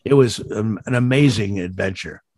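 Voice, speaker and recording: An older man, a voice actor, chatting in an interview and telling rambling stories with many restarts and sudden jumps up in pitch. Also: normal speed, darkish tone, dry recording, studio quality. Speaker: guest voice actor. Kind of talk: casual interview chat.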